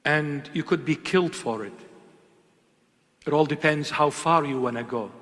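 A man preaching an impassioned sermon, swinging between loud emphatic calls and hushed, intimate asides. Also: a little high, normal speed, big-room sound.

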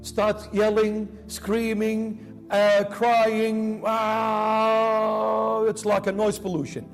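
High-voiced guy preaching, big dramatic swings, acts out quotes, faint music behind. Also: steady tone, takes it slowly, a little mellow. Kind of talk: sermon.

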